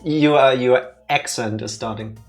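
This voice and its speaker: A man hosting a let's play, commenting on the game in an excitable, joking way with quick asides. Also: medium pitch, soft background music. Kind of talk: casual gameplay commentary.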